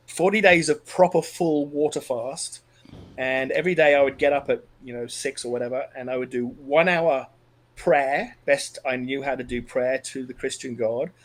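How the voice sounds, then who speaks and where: A middle-aged Australian man guests on a podcast, sharing a personal story in an earnest, emotional way, halting and starting over as he goes. His voice sits at a medium pitch, and the audio quality is poor.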